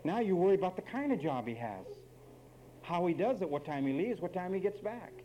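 A man's voice: sits high, very animated, a little fast, dull audio, a little hiss or hum. A man preaching a sermon, emphatic and wry, speaking straight to the men and women of his congregation.

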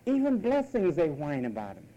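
A man's voice: fairly high pitch, huge pitch swings, moderate pace, mellow, highs cut off. A man preaching a sermon, emphatic and mocking, at times imitating whiny voices.

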